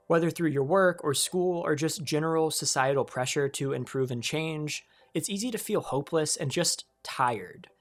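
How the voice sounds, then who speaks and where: A narrator reading a calm, reflective, scripted voice-over in a conversational way as a video essayist. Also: mid-range voice.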